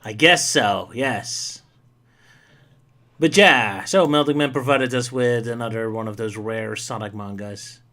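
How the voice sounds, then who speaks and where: A man hosting a casual stream chat in a relaxed way, now and then jumping up high in pitch for an exclamation. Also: measured pace. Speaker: stream host.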